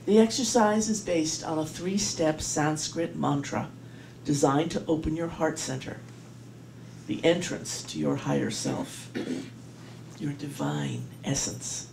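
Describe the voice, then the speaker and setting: A woman minister leading a guided meditation, calmly chanting short mantras over and over for the congregation to repeat. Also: deep voice, vocal fry, echoey room, far from the mic, a little hiss or hum, low-quality recording. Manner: slow, soothing, repeats mantras in a chanted call. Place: spiritual center sanctuary.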